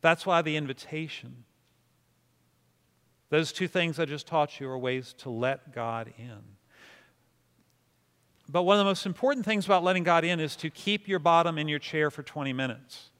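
A man's voice: a little high, moderate pace, pauses often, a bit bright, clean tone. A man preaching to a congregation, teaching prayer in a casual, self-deprecating way and inviting the room to repeat words with him. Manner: conversational, self-deprecating, leads congregation in responses. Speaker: pastor. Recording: long reverb of a hall.

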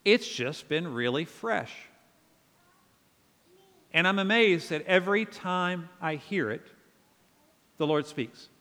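A man's voice: a little high, lively intonation, slow pace, long pauses, pushed and bright. A man preaching a sermon as pastor, earnest and conversational, with asides to his congregation. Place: church sanctuary. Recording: long church reverb.

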